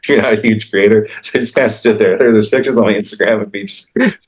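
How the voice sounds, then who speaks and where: A comic book artist with a fairly low-pitched man's voice, speaking in an easygoing interview. He tells his stories in a halting, rambling way, full of fillers and restarts. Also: steady tone. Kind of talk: casual interview chat.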